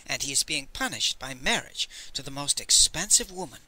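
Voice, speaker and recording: Guy reading as a chatty old lady spilling town gossip, bright voice, bounces around a lot. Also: a bass voice, very animated, moderate pace, heavily acted, rough recording. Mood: gossipy. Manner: confiding, sympathetic gossip. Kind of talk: audiobook character voice.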